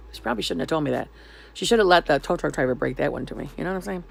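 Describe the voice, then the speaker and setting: Sarcastic woman venting, gravelly low voice. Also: lively intonation, fast talker. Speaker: vlogger. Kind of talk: sarcastic storytelling vlog.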